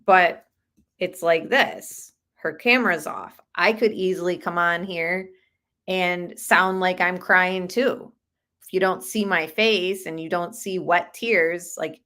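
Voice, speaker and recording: A woman's voice: on the low side, pushed and bright. A woman hosting a true crime channel, giving skeptical, chatty commentary on a case. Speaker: channel host.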